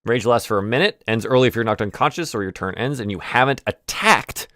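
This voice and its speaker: A man acting as game master, narrating a tabletop game over a voice call in a relaxed, casual way. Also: medium pitch, a little fast, no echo, studio quality.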